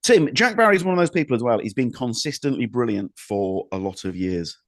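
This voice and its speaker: A man's voice: mid-range voice, expressive, brisk, no room sound. A man co-hosting a podcast, telling anecdotes in a rambling, self-correcting way. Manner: rambling anecdotal storyteller, restarts and hedges. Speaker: podcast co-host. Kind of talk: casual podcast chat.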